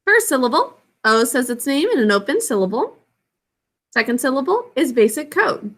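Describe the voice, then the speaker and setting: High, bright-voiced teacher spelling slowly. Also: female voice, very animated. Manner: clear, slow enunciation of words and sounds. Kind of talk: classroom spelling lesson.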